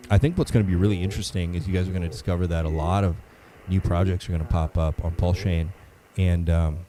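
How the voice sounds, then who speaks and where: A man's voice: low-pitched, a little fast, crowd noise, rough recording. A man hosting a casual livestream, greeting viewers by name in a laid-back way, a little under the weather and sniffling. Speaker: livestream host.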